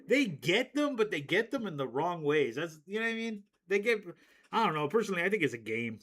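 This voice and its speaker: A man with a voice pitched a little above most men's, holding forth in a loose, profane rant to his stream. He rambles, restarts his thoughts, and breaks into laughs at his own stories. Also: big pitch swings, brisk, fairly bright tone. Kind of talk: casual rant to stream chat.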